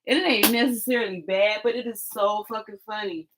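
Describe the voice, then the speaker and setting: A woman's voice: medium pitch, steady tone, fairly quick, noisy background. A woman hosting a tarot live stream, telling a rambling, profane story and laughing often.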